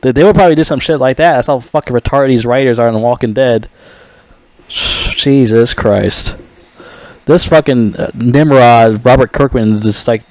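A man vents in a heated, swearing rant, restarting sentences and sighing in disgust. His voice sits at an ordinary middle pitch. The recording is close and dry, with no room sound. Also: a little mellow, no echo. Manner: ranting, profane, exasperated, sighing, stumbling restarts. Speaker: video creator ranting about a TV show. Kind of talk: angry profane rant.

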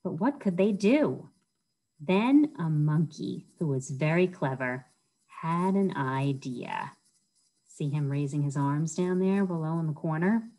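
A woman's voice: sits low, slow pace, low-quality recording. A woman reading a picture book aloud to children at a library storytime, often asking her listeners questions. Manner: animated, asks the listeners questions.

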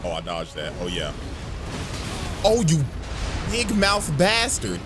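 A young man reacting to a video game, his voice sitting high and leaping wildly between low mutters and shrill screams. He swears constantly as he plays, and loud game music pounds behind him. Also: wildly swooping pitch, slow. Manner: profane, screaming outbursts at the game. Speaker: gaming YouTuber. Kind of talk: live gameplay commentary.

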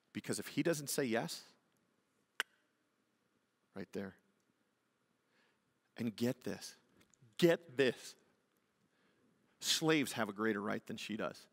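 A man preaching a sermon as pastor, swinging from hushed to loud and emphatic and acting out the lines he quotes. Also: mid-range voice, animated, takes it slowly, pauses often. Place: church sanctuary. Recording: long hall reverb.

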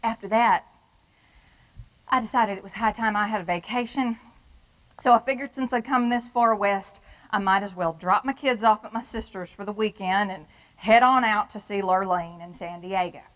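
A woman's voice: mid-range voice, moderate pace, fairly bright tone, close to an everyday voice, rough recording. A woman with a Texan accent playing a brash, folksy wife of a prisoner in a stage monologue. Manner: brassy, folksy, drawling. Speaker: performer. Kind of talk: theatrical monologue.

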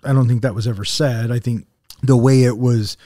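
Male podcast co-host, mellow, warm voice, dry close mic, relaxed and blunt in casual film talk. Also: mid-range voice, moderate pace, no echo. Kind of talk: casual movie review chat.

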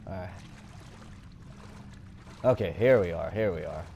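A man giving let's play commentary, cursing often and jumping from quiet muttering to panicked shouts. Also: sits low, a little slow, creaky, dull audio, slight background noise. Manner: swears a lot, swings from muttering to panicked yelling. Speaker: gaming channel host.

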